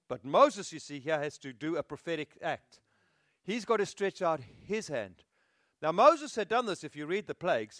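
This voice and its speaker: Lively, chuckling male preacher. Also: a little high, no echo, clean studio sound. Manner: animated storytelling, chuckles often. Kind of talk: sermon.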